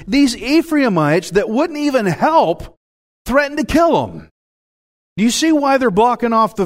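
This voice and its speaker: A man with a Texan accent preaching a sermon in a folksy, self-mocking way, laughing at his own jokes. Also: on the high side. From Texas. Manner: folksy, animated, laughs at himself. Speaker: pastor.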